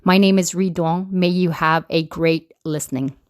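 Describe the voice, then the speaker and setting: A woman's voice: fairly low pitch, steady tone, normal speed, clean tone. Gushing, upbeat woman podcast host; effusive interviewer who laughs easily. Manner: bubbly, effusive, laughs often.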